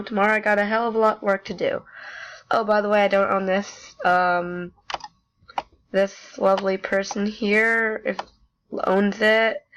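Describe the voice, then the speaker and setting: A woman's voice: medium pitch, a bit bright, slight background noise, poor audio. A sick, congested teenage girl chatting casually while playing a dating game, self-mocking and chatty. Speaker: gamer.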